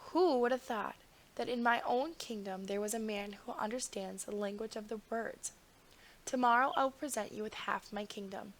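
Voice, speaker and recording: A woman's voice: on the high side, moderate pace, lightly acted. A woman reading a storybook, playing a weary, sleepless old king with a grand, drowsy manner. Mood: pleased.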